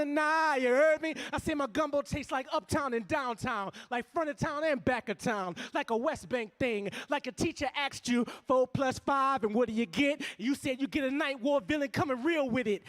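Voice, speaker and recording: High-voiced New Orleans spoken word poet. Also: male voice. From New Orleans, USA. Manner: rhythmic, punchy delivery with sudden loud bursts. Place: live stage in a venue.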